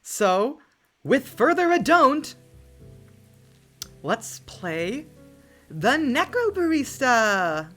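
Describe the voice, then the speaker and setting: A streamer chatting through a live game stream, moving between excited exclamations and mumbled asides. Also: sits high, very slow, pauses often. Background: faint lo-fi music.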